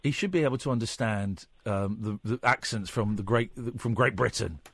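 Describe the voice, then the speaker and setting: A man hosting a radio show in a studio, chatting casually with an animated, jokey, teasing manner. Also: fairly low pitch, normal speed, slightly rough. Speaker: radio host. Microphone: studio microphone.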